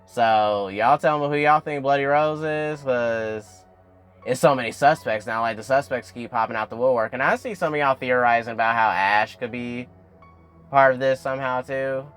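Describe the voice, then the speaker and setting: A young man casually recapping a TV episode, addressing viewers directly and getting animated as he goes. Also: moderate pace, clean tone, soft background music. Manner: animated, addresses viewers as y'all, swings up in pitch when excited. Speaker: YouTube recap host.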